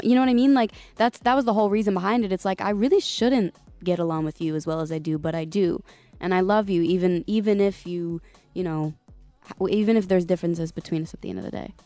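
A woman's voice: mid-range voice, quick pace, darkish tone, no room sound, soft background music. A young woman singer chatting casually in a radio interview, full of likes and you-knows. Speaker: guest singer.

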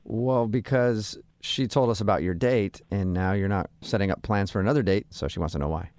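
Fast-talking, teasing male radio host. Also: lowish voice, darkish tone, no echo, studio quality. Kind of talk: joking radio call-in banter.

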